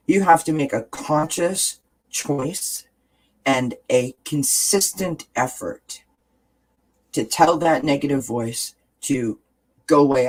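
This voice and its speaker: A man's voice: on the high side, takes it slowly, low-quality recording. A man hosting a casual wellness chat, talking straight to his viewers in an earnest, encouraging way and repeating key phrases. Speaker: host.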